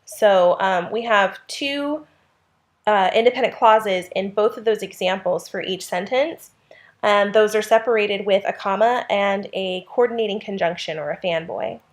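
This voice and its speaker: A woman's voice: medium pitch, unhurried. Woman teaching grammar, reading examples aloud. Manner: explains steadily, reads example sentences aloud. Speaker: English teacher. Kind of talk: grammar lesson.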